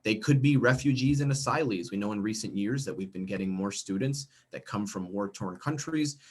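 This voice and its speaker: This middle-aged American man has a fairly low, darkish, husky voice and talks fairly quickly. Leading a teacher training workshop by video call, he keeps his professional development presentation chatty, checking in again and again with "okay?" and "right?".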